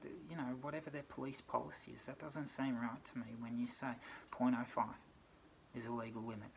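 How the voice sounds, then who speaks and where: Indignant Australian man on a gravelly rant. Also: medium pitch, a little hiss or hum, low-quality recording. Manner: indignant, frustrated, many rhetorical questions. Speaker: vlogger. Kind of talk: aggrieved personal rant.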